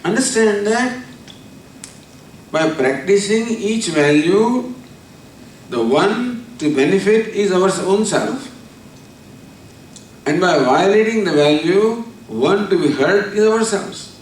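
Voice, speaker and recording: A man, giving a spiritual discourse. He tells a story and then explains Sanskrit terms slowly, repeating them. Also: sits high, lively intonation. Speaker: spiritual teacher. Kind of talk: discourse on scripture. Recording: echoey hall from far off, faint noise.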